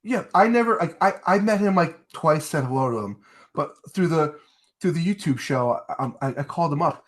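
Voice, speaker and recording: A man's voice: fairly high pitch, moderate pace. Man from New Jersey, interview guest, chatty storyteller who repeats himself. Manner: rambling, repeats words, animated when telling stories. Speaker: guest, former pro wrestler.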